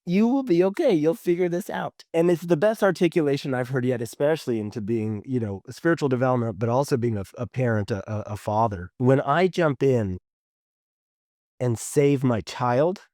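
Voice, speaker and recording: A man's voice: medium pitch, expressive, moderate pace, darkish tone, no echo, clean studio sound. A man co-hosting a podcast, an earnest storyteller who swears casually and laughs often. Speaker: podcast co-host.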